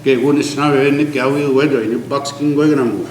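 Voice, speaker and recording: An older man giving an oral history, earnest and emphatic, mixing an Indigenous language with English, often dropping to a low quiet tone. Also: fairly even intonation, fairly quick, a little hiss or hum. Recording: echoey room with faint ambience.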